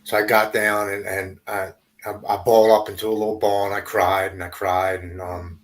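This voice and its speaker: Guy with a lowish voice on a podcast, stumbles and repeats himself, tells his recovery story. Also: little pitch movement. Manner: halting, repeats words, drops quiet at hard moments. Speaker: podcast guest.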